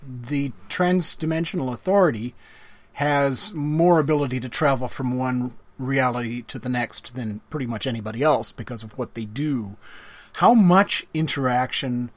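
A man co-hosting a casual podcast chat with an author, playful and quick to laugh. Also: mid-range voice, dry recording. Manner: lively, laughs easily, playful self-mocking. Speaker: podcast co-host interviewing an author.

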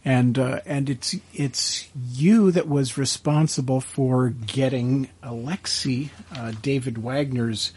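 A man's voice: mid-range voice, steady tone, takes it slowly, hardly any pauses, darkish tone, breathy edge. A man hosting a casual panel interview, speaking thoughtfully with many hesitations. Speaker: interview host.

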